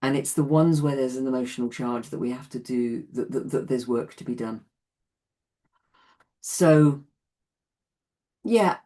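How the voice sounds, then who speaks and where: A woman's voice: low voice, dark tone. A woman in her late sixties teaching an online class in a chatty way, often laughing between points. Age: 60s.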